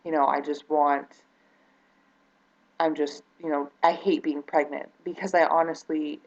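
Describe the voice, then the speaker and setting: A woman with a low, deep voice speaks straight to camera in a personal vlog. She talks earnestly and sounds close to tears, hesitating and restarting with plenty of ums. The audio is dull and lo-fi, like an old 2012 webcam. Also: little pitch movement, a little slow, a little mellow. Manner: hesitant, many fillers and restarts. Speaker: vlogger.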